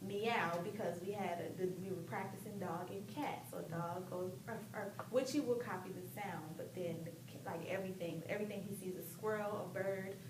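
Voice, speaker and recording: A woman's voice: medium pitch, fairly even intonation, moderate pace, hardly any pauses. A mother at a parenting workshop, chatty and casual, telling the group about her son. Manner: chatty, tells a story with quoted voices. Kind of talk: casual chat. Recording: echoey room, distant mic, noisy.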